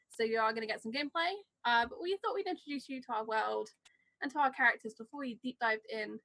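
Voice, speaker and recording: A high, bright-voiced woman hosts the game as game master, bubbly and chatty. Her sound is close and dry, over a video-call mic. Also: no room sound, low-quality recording. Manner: bubbly, chatty, self-deprecating. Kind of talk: upbeat table-top introduction. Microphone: remote video-call mic.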